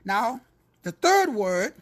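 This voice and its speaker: A man with a very high voice teaches a word study at a slow pace, in a preacher's style. He's animated and repetitive, repeating phrases, calling on listeners by name, and slipping into playful teasing asides.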